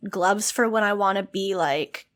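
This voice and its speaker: A woman's voice: medium pitch, measured pace, fairly bright tone. A young woman co-hosting a podcast in casual chat, enthusiastic and agreeable. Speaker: podcast co-host.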